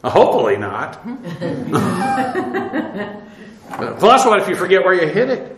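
High, bright-voiced man preaching in an echoey room. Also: wildly swooping pitch, slow. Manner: conversational preaching, asks the congregation questions. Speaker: pastor. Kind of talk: sermon.

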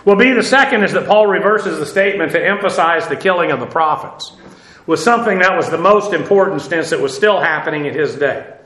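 Man, Bible teacher, high voice, conversational lecture full of fillers, echoey room. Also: animated, bright, forceful tone. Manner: conversational, halting with fillers and restarts.

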